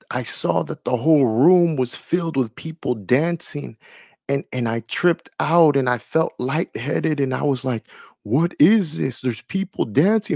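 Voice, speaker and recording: A man's voice: fairly high pitch, creaky, a little mellow, no room sound, clean studio sound. A man sharing a personal faith testimony in an earnest, emotional way, repeating phrases for emphasis. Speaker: testimony speaker.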